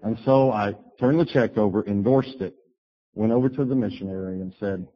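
A man preaching a sermon, telling a personal story and acting out his own words with animated bursts. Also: lowish voice, a little fast. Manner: storytelling, animated bursts when quoting himself. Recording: dull lo-fi recording.

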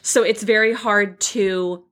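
A woman co-hosting a podcast with a bright, forward voice. She chats casually, laughs easily and states her opinions bluntly. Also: medium pitch, steady tone, takes it slowly. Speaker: podcast co-host.

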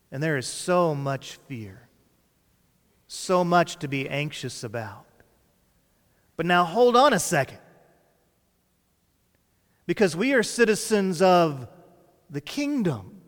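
A man preaching a sermon, slow and dramatic, dropping to soft lines and rising for emphasis. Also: medium pitch. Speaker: pastor. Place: large church hall. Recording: reverberant church hall.

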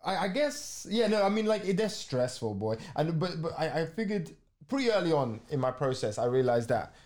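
A man's voice: a little high, brisk. A middle-aged man, an actor and guest, chatting casually and acting out his stories with little voices. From England. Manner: animated storyteller, acts out scenes with voices. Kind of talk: casual chat.

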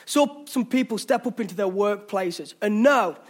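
High-voiced English preacher, rousing. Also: male voice, lively intonation, normal speed. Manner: passionate, exhorting, jokey asides. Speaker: pastor. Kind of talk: sermon. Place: church hall.

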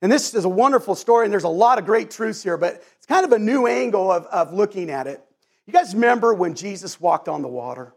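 A male pastor delivers a sermon in a fairly high voice. He speaks earnestly, often stumbling and restarting his phrases as he gathers his thoughts. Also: expressive. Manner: earnest, halting with many restarts and repeated words.

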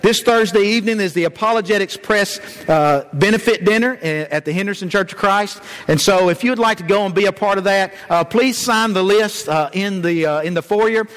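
A man's voice: high-pitched, normal speed, hardly any pauses, fairly bright tone. A man from Georgia, preaching a sermon in a folksy, storytelling way, with many "uh" fillers. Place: church sanctuary. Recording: long church reverb.

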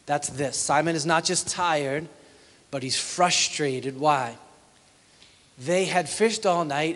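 A middle-aged man preaching a sermon, swinging from loud exclamations to hushed asides. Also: on the high side, moderate pace. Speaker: pastor. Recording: long hall reverb.

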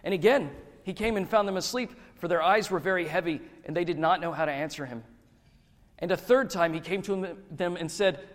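A man reading scripture aloud in a measured, dramatic, slow way. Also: high voice. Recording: long hall reverb.

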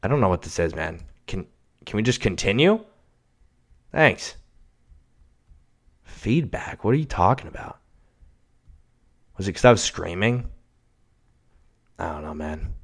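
A low-voiced man hosting a solo podcast from a home setup. He rambles and swears, dropping to mumbles and then jumping up to shouts. The sound comes from a cheap mic without a pop filter. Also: very animated, measured pace, pauses often. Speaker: podcast host. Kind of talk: solo casual podcast rant.

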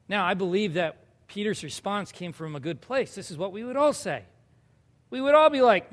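Young male pastor with a high voice, chatty preaching style, recorded in a reverberant hall. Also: lively intonation, fairly quick. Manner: conversational preaching, asks the audience questions. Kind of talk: sermon.

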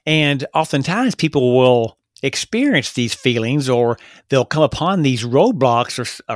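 A man hosting a solo motivational podcast, talking earnestly and excitedly, with stumbles and restarts. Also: mid-range voice, dry recording, studio quality. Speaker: podcast host.

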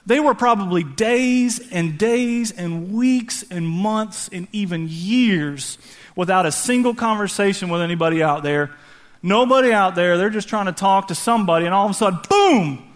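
A male pastor delivers a lively sermon with a high, light voice. He retells scripture in casual, slangy terms and jumps into playful voices for the characters. The tone is conversational and energetic. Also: moderate pace. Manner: animated storytelling, acting out voices with slang.

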